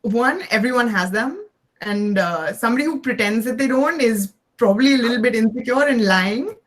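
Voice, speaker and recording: A young woman from India with a mix of Indian and American accents, chatting as an interview guest with quick laughs and restarts. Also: on the high side, lively intonation. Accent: Indian English mixed with American. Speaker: guest, neuroscience PhD student. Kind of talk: casual interview chat.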